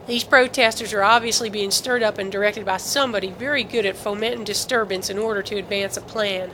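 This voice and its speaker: A woman reading the part of a protective male military officer in an audiobook, speaking in a measured, diplomatic yet firm way. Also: mid-range voice, steady tone, bright, forceful tone, slight background noise, lightly acted, low-quality recording.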